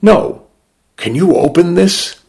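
A man voicing a frail, sick old woman who is weary but determined, speaking slowly and deliberately. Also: sits high, expressive, darkish tone, pitched above the performer's own voice, full character voice. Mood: urgent.

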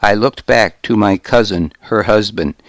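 A man narrating a novel in the first person, measured and even. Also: fairly low pitch, no echo. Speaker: audiobook narrator.

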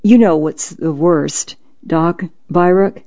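A narrator voicing a gentle, polished older woman who is dying, speaking softly and sorrowfully in an audiobook reading. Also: medium pitch, slow pace, lo-fi sound. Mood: tearful. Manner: soft, sorrowful, apologetic.

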